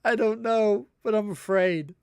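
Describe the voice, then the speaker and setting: A man streaming a game, casually reading corny jokes aloud and breaking into high, tearful laughter at them. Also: slow, clean tone. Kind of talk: casual live-stream chat.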